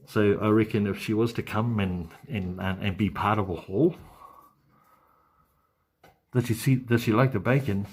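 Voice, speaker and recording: A man's voice: lowish voice, moderate pace, long pauses, breathy edge. A man chatting casually on a live stream, rambling and hesitant, full of ums and restarts.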